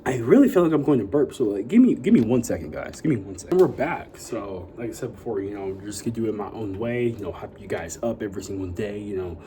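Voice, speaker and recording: Rambling young man vlogging, mellow voice. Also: fairly low pitch, animated, fast talker, hardly any pauses, a little hiss or hum, poor audio. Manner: rambling, full of "you know" and "like" fillers; upbeat hype talk to viewers. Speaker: YouTuber. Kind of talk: casual vlog chat.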